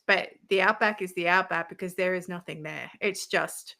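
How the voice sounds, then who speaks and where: This is an Australian woman speaking as a guest on a podcast. Her talk is loose and chatty, and she laughs easily between thoughts. Her voice is bright and a little sharp, with a gravelly fry underneath. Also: on the low side, steady tone, normal speed. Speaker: guest, leadership coach. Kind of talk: casual podcast chat.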